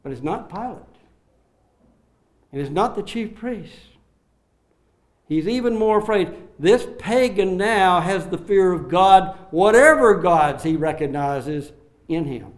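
A man preaching an expository sermon, acting out the quoted lines with swings in loudness and slowing down on key phrases. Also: high voice, expressive. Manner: dramatic, acts out the quoted lines with sharp rises and drops in loudness.

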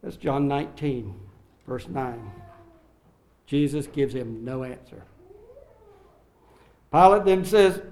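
A man preaching an expository sermon, acting out the quoted lines with swings in loudness and slowing down on key phrases. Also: medium pitch. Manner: dramatic, acts out the quoted lines with sharp rises and drops in loudness.

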